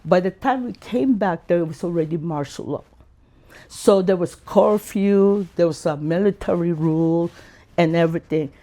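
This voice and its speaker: A man, telling his life story as an interview guest in an animated way. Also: moderate pace. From Philippines. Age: 60s. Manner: animated, acts out quotes in high voices.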